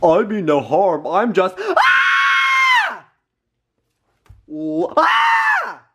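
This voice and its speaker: A woman voicing a lost, polite male gorilla who speaks slowly and haltingly. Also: very high-pitched, wildly swooping pitch, raised voice, heavy background noise, pitched above the performer's own voice, heavily acted. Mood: pleading.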